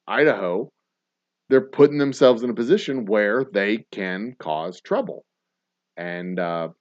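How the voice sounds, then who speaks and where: A man's voice: medium pitch, darkish tone, dull audio. A man co-hosting a casual podcast chat over drinks, ranting with lots of profanity and laughter. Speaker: podcast co-host.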